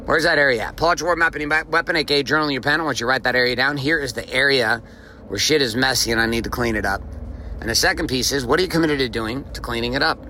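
A male podcast host giving a motivational monologue, telling a story in an animated and profane way. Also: mid-range voice, fast talker, a little hiss or hum.

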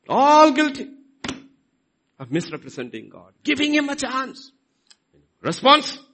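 Indian male pastor, middle-aged, bright and husky, lively pitch swings, dramatic delivery. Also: poor audio. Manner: dramatic, swings between loud emphasis and soft asides. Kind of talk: sermon.

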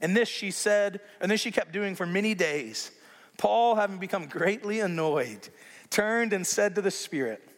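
A man preaching a sermon as pastor, conversational and animated, with playful asides to the congregation. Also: sits high, normal speed, in a large hall.

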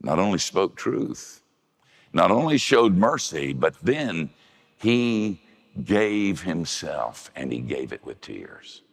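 An older man preaching a sermon, telling folksy stories and jumping his voice up high when he quotes the women in them. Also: very animated, slow, vocal fry, slightly rough, long reverb tail.

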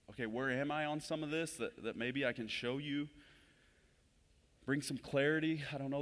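Man preaching in a reverberant hall. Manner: conversational, swells louder and higher when stressing a point. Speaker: pastor. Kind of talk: sermon. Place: church sanctuary.

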